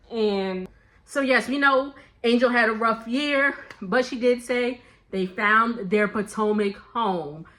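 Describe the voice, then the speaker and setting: A woman's voice: fairly high pitch, fairly bright tone. A young woman chatting through a casual gossip recap, laughing often and quoting people in playful voices. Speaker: reality TV recap vlogger.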